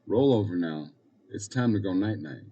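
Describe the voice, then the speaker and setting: A man voicing a loving older woman who tucks a young foster boy into bed, speaking gently and soothingly. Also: low-pitched, animated, moderate pace, highs cut off, a little hiss or hum. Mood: gentle.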